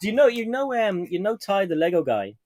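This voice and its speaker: A man's voice: high voice, big pitch swings, a little fast, darkish tone. A man hosting a casual live stream from home, chatting and reading viewer comments aloud, often correcting himself.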